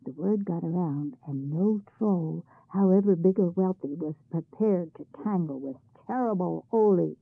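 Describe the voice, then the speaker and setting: A woman narrating a folk tale in a lively, expressive reading. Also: lowish voice, unhurried, gravelly, few pauses. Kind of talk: storybook narration. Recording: tinny phone-like sound.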